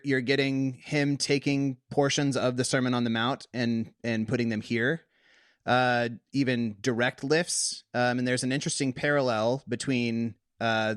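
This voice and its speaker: Animated man in a dry podcast booth. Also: mid-range voice, no room sound. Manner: animated, laughing, breaks into comic voices for scripture figures. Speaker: podcast co-host. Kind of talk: casual Bible discussion.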